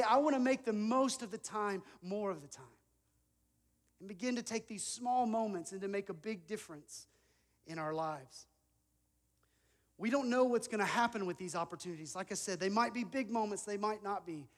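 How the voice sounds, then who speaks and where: A man in his thirties preaching a sermon, earnest and conversational, telling a personal story with self-deprecating asides. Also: sits high. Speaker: pastor. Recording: long reverb of a large hall.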